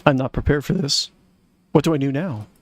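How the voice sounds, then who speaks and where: A man's voice: medium pitch, fairly quick, dry recording. A man live-streaming a game, reacting with puzzled, chatty comments to the story.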